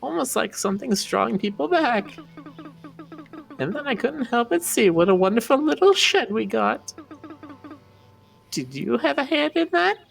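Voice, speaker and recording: A woman voicing a kindly old woman who keeps the woods, reading game dialogue in a gentle, folksy way. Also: fairly high pitch, very animated, moderate pace, creaky, pauses often, heavily acted.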